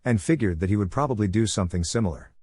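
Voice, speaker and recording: A man narrating a fan fiction story in a steady, plain reading. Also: fairly low pitch, very fast, slightly rough, no room sound, studio quality.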